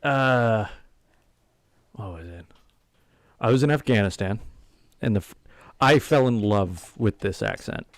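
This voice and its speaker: A man's voice: lowish voice, lively intonation, a little slow, long pauses, no room sound, studio quality. A man co-hosting a painting show, trading joking, teasing banter. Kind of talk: casual chat.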